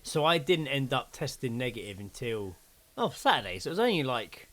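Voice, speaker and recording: A man's voice: mid-range voice, fairly quick, a loud crowd. A man, co-hosting a podcast, telling stories in casual chat, swearing and acting out what people said. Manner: animated storytelling, acting out quotes, swearing. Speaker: podcast co-host.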